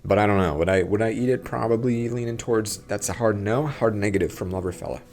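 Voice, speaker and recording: A young man hosting a casual commentary vlog, talking in an animated way with exaggerated disgust and chatty asides. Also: lowish voice, fast talker. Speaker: YouTube host.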